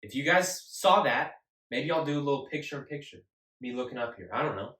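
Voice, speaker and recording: Animated man hosting sports talk in an echoey room. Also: medium pitch, a little fast. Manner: animated and emphatic, repeats himself. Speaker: sports show host. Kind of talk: casual solo sports talk. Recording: echoey room, mic at a distance.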